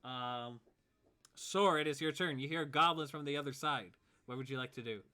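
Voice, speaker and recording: A man runs a tabletop game as its game master, his voice very bright and forceful. He is laid-back, chuckles easily and counts out movement step by step. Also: mid-range voice, a little fast.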